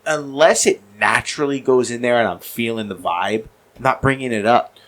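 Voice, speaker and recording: A man's voice: medium pitch, normal speed, a bit bright. Emphatic man in casual chat. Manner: emphatic, agrees strongly, swears.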